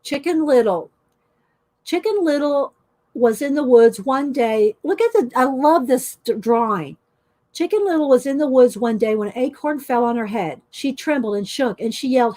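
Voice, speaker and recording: A chatty woman with a slightly high voice talks casually from home and reads stories aloud with lively expression. She laughs often as she goes. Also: normal speed. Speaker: art journaling video host. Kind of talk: casual chat, reading aloud.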